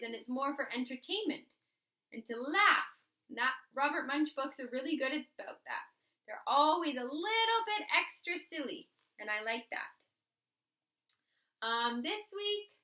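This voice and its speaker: A woman teacher reading a picture book aloud to children in an expressive, animated way. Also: high-pitched. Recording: roomy echo.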